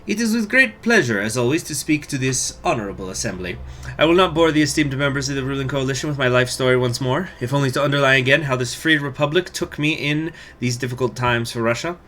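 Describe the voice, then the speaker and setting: A man's voice: medium pitch, expressive, fast, fairly bright tone, a little hiss or hum, close to an everyday voice. A man voicing a female Russian politician, giving a grand speech with a wavering put-on accent. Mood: solemn.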